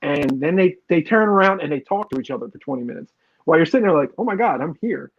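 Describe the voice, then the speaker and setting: A man with a high, slightly husky voice co-hosts a casual chat. He tells stories in an animated way and laughs often. The recording sounds dull and lo-fi. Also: fast. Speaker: podcast co-host.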